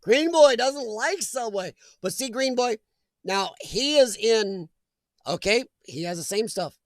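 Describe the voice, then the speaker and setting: A man's voice: extremely high pitch, lively intonation, unhurried, no room sound. A man hosting a live chat stream, chatting casually and jokingly with viewers and reading their comments aloud, laughing often.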